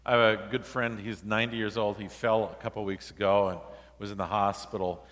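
A male pastor preaching a sermon in a relaxed, conversational, storytelling way, acting out the quoted dialogue. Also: lowish voice, fairly quick, in a large hall.

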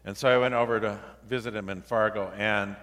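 A male pastor preaching a sermon in a relaxed, conversational, storytelling way, acting out the quoted dialogue. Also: lowish voice, fairly quick, in a large hall.

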